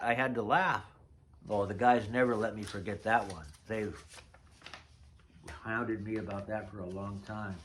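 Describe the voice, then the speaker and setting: A man's voice: lowish voice, fairly even intonation, measured pace, a bit bright, slight background noise. A man in his sixties telling rambling, chatty stories about old notes from his past. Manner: chatty storyteller, drifts off mid-thought. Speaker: vlogger. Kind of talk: casual reminiscing vlog.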